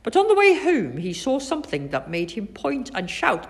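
A woman reading a children's story aloud in an expressive, sing-song way. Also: a little high, normal speed, hardly any pauses.

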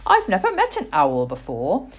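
A woman voicing a bossy, confident little schoolgirl in a storybook, bright and know-it-all. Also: lowish voice, wildly swooping pitch, moderate pace, husky, full character voice. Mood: teasing. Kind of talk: storybook reading.

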